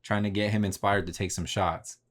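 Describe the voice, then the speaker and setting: A man's voice: fairly low pitch, level tone, fairly quick. A man hosting a podcast, telling a story in a casual, slangy, profane way and replaying his own conversations. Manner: laid-back, slangy and profane, retelling conversations. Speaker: podcast host.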